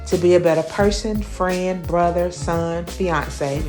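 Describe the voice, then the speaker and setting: A woman reading a scripted narration in a measured, earnest way. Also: lowish voice, steady tone, a little mellow, soft background music.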